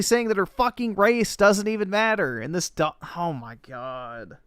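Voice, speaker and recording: A man's voice: high voice, measured pace, fairly bright tone, clear, resonant tone, no room sound, clean studio sound. A man hosting a livestream, reacting to videos in heated, profane rants. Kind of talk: live reaction commentary.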